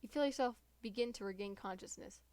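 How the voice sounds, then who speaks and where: A woman's voice: on the high side, fast talker, darkish tone, no room sound. A woman streamer reading a dating-sim game's text aloud and breaking off into giggling asides.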